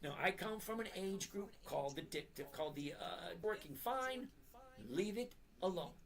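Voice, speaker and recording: Middle-aged guy hosting a trading stream, blunt and pushy, says stuff twice and slows way down to hammer it in. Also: high voice, expressive, creaky, a bit bright. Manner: blunt, emphatic, repeats points slowly. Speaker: trading live-stream host. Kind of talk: live-stream chat and lecture.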